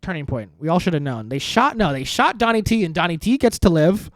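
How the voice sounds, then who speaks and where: A man hosting a podcast, rambling through sardonic dark jokes in a casual monologue. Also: high-pitched, a little fast, no room sound. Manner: sardonic, dark deadpan humor with rambling asides. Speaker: podcast host.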